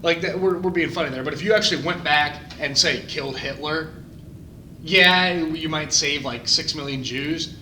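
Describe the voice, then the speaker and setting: A man's voice: on the high side, moderate pace, sharp tone. A young man, co-host of a casual chat, rambling with crude jokes and frequent restarts. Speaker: podcast co-host. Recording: echoey room with background noise.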